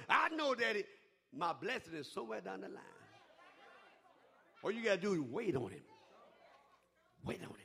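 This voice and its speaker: A man preaching a fervent sermon, rising to shouts and chuckling between lines. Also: sits high, big pitch swings, normal speed, gravelly, pauses often, a faint crowd. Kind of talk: call-and-response sermon.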